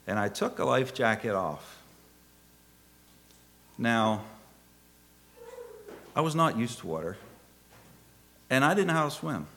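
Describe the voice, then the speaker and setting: A middle-aged man preaching a sermon through a personal story, his pitch leaping and falling with lively expression. He drops to hushed tones, then rises to loud, exclaiming peaks. His voice has a bright, forceful edge. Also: takes it slowly, vocal fry, long pauses.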